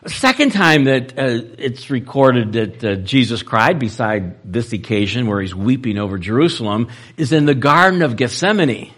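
A male preacher delivering a sermon, moving between loud, emphatic lines and soft, low-voiced passages. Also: expressive, moderate pace, hardly any pauses.

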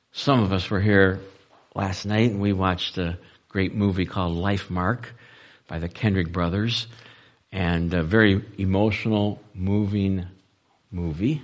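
Man preaching with big swings in loudness. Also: unhurried. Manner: swings between loud emphatic lines and soft, low-voiced passages. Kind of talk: sermon.

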